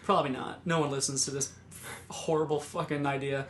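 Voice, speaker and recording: A podcast guest with a high, bright male voice, trading dark jokes in a flat, gloomy deadpan. His tone is sharp and forward. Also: brisk, a little hiss or hum. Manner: joking, mock-gloomy deadpan. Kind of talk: casual chat.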